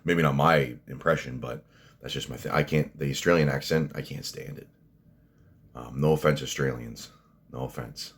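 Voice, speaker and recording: Guy with a super low voice, rambling vlog commentary, blunt and sweary. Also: normal speed, a little hiss or hum. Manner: rambling, blunt, profane, frequent restarts. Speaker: fitness vlogger.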